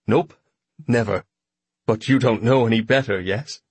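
A man's voice: medium pitch, unhurried, darkish tone, husky, dry recording. A man voicing a sardonic, joking grown man in an audiobook. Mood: dry.

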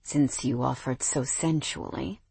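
A woman's voice: very deep voice, steady tone, measured pace, gravelly, darkish tone, husky, dry recording, voice pushed down, full character voice. A woman narrator voicing a cocky, teasing young man with a smug, playful drawl.

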